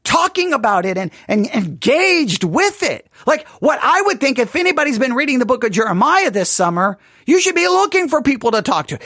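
This high-pitched Bible teacher moves briskly with hardly any pauses, delivering a lively, theatrical study session. He mimics how people reacted and quiets to a hush for scripture readings, captured in clean studio sound without echo.

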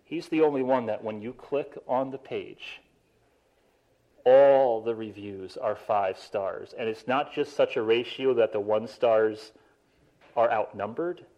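A man preaching a sermon, animated, stressing key words and slowing down for emphasis. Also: mid-range voice, muffled recording. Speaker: pastor.

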